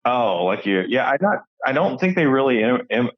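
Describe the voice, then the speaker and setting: A man's voice: mid-range voice, sing-song, normal speed, dull audio. A man co-hosting a podcast, telling stories in a rambling, jokey way with lots of restarts. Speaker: podcast co-host. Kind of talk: casual comedic chat.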